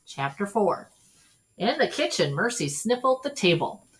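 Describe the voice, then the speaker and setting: A woman reading a children's storybook aloud in an expressive, animated way. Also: medium pitch, a little slow. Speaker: storybook reader.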